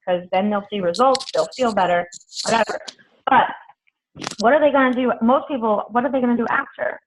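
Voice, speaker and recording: A woman's voice: fairly high pitch, a little fast, a little hiss or hum. A woman coaching her team on a video call, chatty and blunt, swearing freely. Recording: tinny phone-like video call audio.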